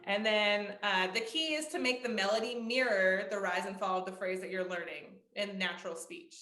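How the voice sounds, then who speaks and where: A woman's voice: medium pitch, moderate pace, sharp tone. A young woman music therapist presenting to a support group, explaining with frequent ums and short sung demonstrations. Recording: echoey room.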